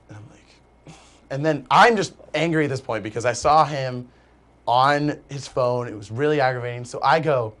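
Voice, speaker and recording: As a guest in a laid-back conversation, a young man rambles animatedly through a lengthy story, saying "like" in almost every phrase. His pitch is medium and his pace normal.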